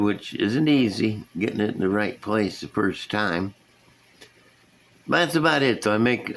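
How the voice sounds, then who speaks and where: The voice is a man's, fairly low in pitch and a bit bright. He's a middle-aged channel host and scale model builder, casually showing off his builds at an indoor workbench while chatting in a folksy, rambling way and chuckling at himself.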